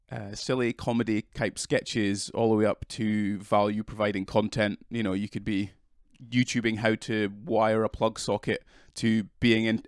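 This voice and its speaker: A man's voice: on the low side, dry recording, studio quality. A man with a British accent, a guest on a casual podcast, who has a cold and talks hesitantly with many restarts. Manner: hesitant, restarts often, self-deprecating. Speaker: interview guest, videographer.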